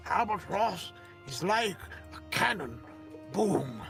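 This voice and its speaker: A man's voice: fairly high pitch, big pitch swings, fast talker, pushed and bright, faint music behind, full character voice. A man voicing a composed, bookish male crossbowman who speaks in a dry, formal way. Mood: wry.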